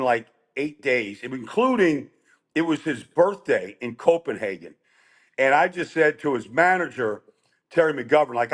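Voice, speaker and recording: A middle-aged man telling animated, rambling stories as a guest on a chat show. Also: fairly high pitch. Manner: animated, rambling with restarts and quoted voices. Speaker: guest storyteller. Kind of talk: casual storytelling chat.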